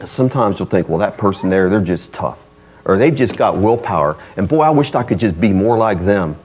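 A man preaching a sermon in a conversational way, acting out quoted voices and moving between loud emphasis and quiet, low asides. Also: animated, fairly quick. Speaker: pastor.

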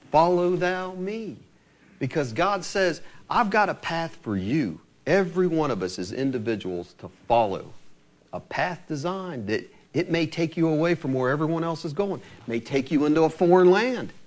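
A man preaching a sermon in a conversational way, slowing right down to stress scripture phrases and acting out the voices he quotes, with light laughs between points. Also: fairly high pitch.

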